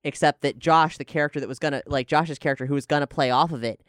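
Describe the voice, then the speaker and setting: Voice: mid-range voice, fast, a bit bright, no room sound, clean studio sound. A podcast host and game master chatting casually, rambling with restarts and swearing freely.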